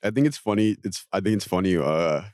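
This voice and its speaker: A man's voice: lively intonation, fairly quick, a little mellow, no echo. Young male podcast co-host, loose rambling banter, dry room sound. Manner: rambling, laughing, slangy, breaks into mocking high voices.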